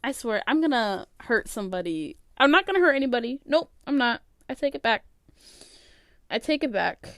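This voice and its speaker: A woman's voice: a little high, big pitch swings, normal speed, a bit bright, no echo, clean studio sound. A woman hosting a podcast alone, giving casual opinionated commentary full of "like" fillers. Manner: chatty, opinionated, many "like" fillers. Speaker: podcast host.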